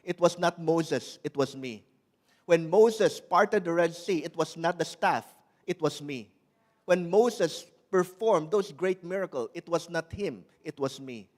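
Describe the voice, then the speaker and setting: Earnest preaching man, slightly high voice. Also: darkish tone. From Malaysia. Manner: earnest preaching, slowing and pressing on scripture quotes; repeats and restarts words. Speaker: pastor. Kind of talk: sermon.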